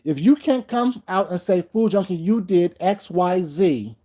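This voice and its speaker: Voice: medium pitch, lively intonation, a little slow, warm tone. A livestream host delivering a heated, confrontational rant, repeating points and breaking off to greet viewers by name.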